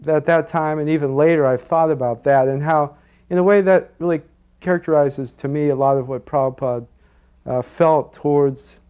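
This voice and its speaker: A man reflecting thoughtfully in an interview, speaking softly and trailing off with fillers. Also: fairly high pitch. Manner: thoughtful, soft-spoken, with many fillers and trailing off. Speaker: devotee sharing memories.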